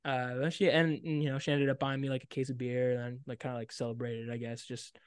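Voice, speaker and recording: A young man co-hosting a podcast, telling a story in casual chat with lots of "like" and sudden excited bursts. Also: medium pitch, fast talker, smooth, no echo. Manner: animated, loud bursts when reliving excitement, frequent "like". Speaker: podcast co-host.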